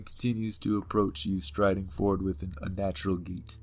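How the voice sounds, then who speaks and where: A man's voice: low-pitched, brisk. Playful man narrating a game. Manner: playful and animated, hamming up the game text. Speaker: let's-play host. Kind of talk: game commentary and reading game text aloud.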